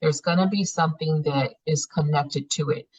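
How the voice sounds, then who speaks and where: Her voice is low, husky, and darkish, moving at a moderate pace, as she leads a healing class in casual teaching talk. This facilitator is frank and conversational, swears freely, and dramatizes people's inner thoughts. The recording is muffled and lo-fi.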